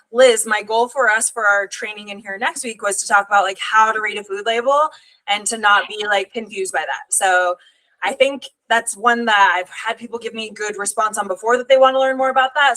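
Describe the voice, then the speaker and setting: A woman's voice: mid-range voice, sharp tone, poor audio. A woman hosting a casual live stream as a nutrition coach, blunt and swearing freely as she rallies her viewers.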